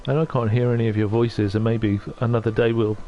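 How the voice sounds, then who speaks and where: A middle-aged man chatting on a livestream, soft-spoken and halting, often moved. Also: mid-range voice, little pitch movement, dull audio, a little hiss or hum. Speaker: streamer. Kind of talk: casual livestream chat.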